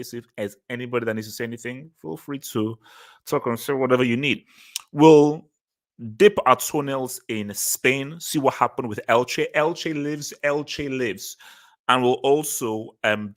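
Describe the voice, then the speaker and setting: A man hosts a casual football livestream, talking loosely, repeating phrases and laughing easily. His voice is mid-range and a bit bright.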